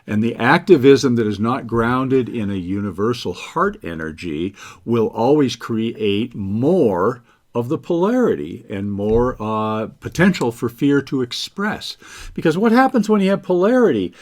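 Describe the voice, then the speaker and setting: A man co-hosting a spiritual talk radio conversation, explaining ideas in a measured way. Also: mid-range voice, sing-song, a little mellow. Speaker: co-host.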